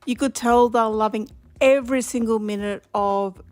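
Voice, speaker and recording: A woman's voice: on the high side, steady tone, normal speed, darkish tone, dry recording. Blunt woman, dry phone message. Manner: blunt, dismissive. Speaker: viewer sending a voice message. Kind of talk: recorded voice message.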